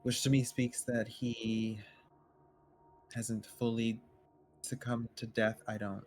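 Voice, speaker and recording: A man playing a tabletop game who speaks in a calm, measured way. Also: mid-range voice, a little hiss or hum. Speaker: player. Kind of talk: casual tabletop game chat.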